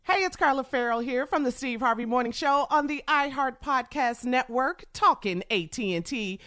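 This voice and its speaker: A woman's voice: high-pitched, lively intonation, moderate pace, fairly bright tone, a little hiss or hum. A woman radio co-host reading an ad in a chatty, upbeat way. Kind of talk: read advertisement.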